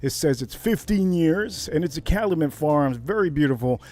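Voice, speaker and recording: A man's voice: fairly high pitch, normal speed. A man hosting a casual whiskey livestream, rambling between topics and getting worked up as he talks. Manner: rambling, animated, gets worked up. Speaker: livestream host. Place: Miami Beach.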